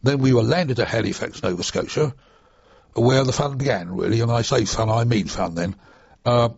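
A man's voice: fairly low pitch, gravelly, a little mellow, slightly rough, dry recording. An older man, chattily reminiscing in an oral history interview with rambling asides, on a dull lo-fi dry recording. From United Kingdom. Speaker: interviewee, former RAF trainee pilot.

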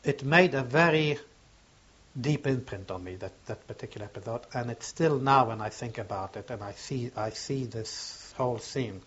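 An older man recounting a memory in an oral history interview, halting and searching for words, on a dull lo-fi recording. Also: mid-range voice, fairly bright tone, slightly rough.

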